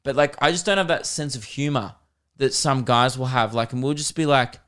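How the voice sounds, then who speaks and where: An Australian man hosting a podcast, chatting casually and telling rambling stories with laughs and quick mimicry. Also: medium pitch, a bit bright, smooth. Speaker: podcast host and comedian. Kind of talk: casual chat.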